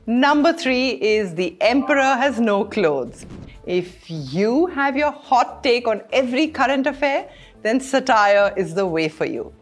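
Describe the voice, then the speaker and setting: A woman hosting a scripted explainer, bright and expressive. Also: on the high side, unhurried, faint music behind. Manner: bright, clear, expressive delivery. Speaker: host.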